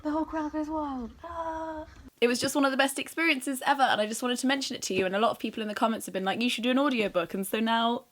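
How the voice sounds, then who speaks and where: A young woman in her twenties from England, chatting to camera in a self-mocking way with quick asides. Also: a little high, fairly bright tone. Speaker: vlogger. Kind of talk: casual chat to camera.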